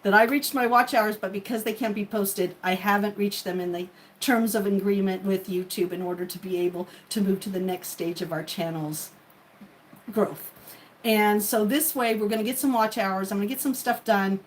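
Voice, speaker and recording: A woman's voice: medium pitch, fairly even intonation, normal speed, a little hiss or hum, rough recording. A woman hosting a livestream in casual chat, rambling and chatty with many fillers. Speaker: livestream host.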